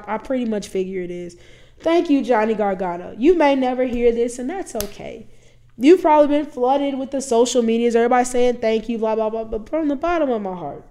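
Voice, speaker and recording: Hoarse, nasal woman chatting on a podcast. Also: on the high side. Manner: chatty, heartfelt sign-off with sports shout-outs. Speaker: podcast co-host. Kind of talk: casual podcast chat.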